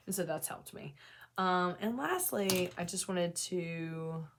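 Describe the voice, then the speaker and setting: A woman's voice: fairly low pitch, animated, slow pace, a little hiss or hum. A woman vlogger talking candidly to camera about her own experiences, earnest and self-deprecating, often restarting sentences and adding asides. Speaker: mental health vlogger sharing personal experience. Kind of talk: candid casual talk to camera.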